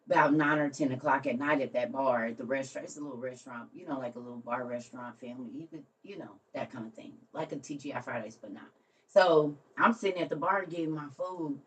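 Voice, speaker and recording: A livestream host tells a story casually, her low-pitched voice captured from a distance. She laughs a lot and shifts between quiet, soft lines and loud ones.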